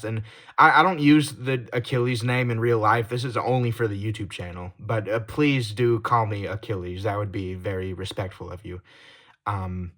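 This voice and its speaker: A young man talking straight to his audience in a confessional vlog. He swings between heated swearing and quiet, apologetic trailing off, with stumbling restarts. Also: lowish voice. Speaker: YouTuber.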